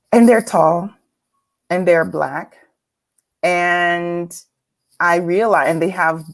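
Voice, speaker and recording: An earnest woman with a slightly low voice, speaking as a guest about her own experiences. She talks in a reflective, thoughtful way, now and then breaking into laughter. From California, United States. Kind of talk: personal storytelling talk.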